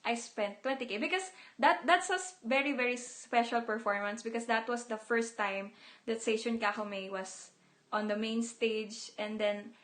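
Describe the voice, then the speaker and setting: A woman's voice: fairly high pitch, steady tone, moderate pace, a bit bright. A young woman idol talking casually on a livestream, emotional and rambling, repeating words and mixing in some Tagalog.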